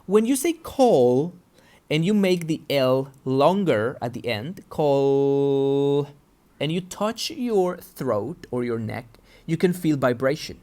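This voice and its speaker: A man's voice: fairly high pitch, sing-song, measured pace, few pauses, darkish tone. A man teaching English pronunciation, patiently repeating example words and checking in with his listeners. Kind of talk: pronunciation lesson.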